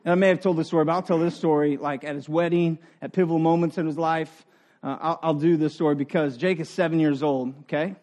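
A middle-aged man preaching a sermon in an earnest, conversational way, dropping to quiet asides and rising for emphasis. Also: a little high, steady tone, fast. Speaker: pastor.

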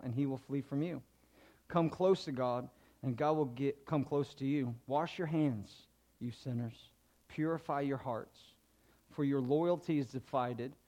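A man's voice: mid-range voice, darkish tone. A middle-aged man, a pastor, giving a conversational sermon that builds to emphatic preaching.

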